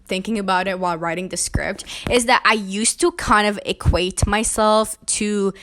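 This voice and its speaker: A woman's voice: mid-range voice, fairly even intonation, normal speed, a bit bright. A young woman from an Arabic-speaking country, talking frankly in a casual opinion vlog with chatty, self-deprecating asides. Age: young adult. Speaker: vlogger.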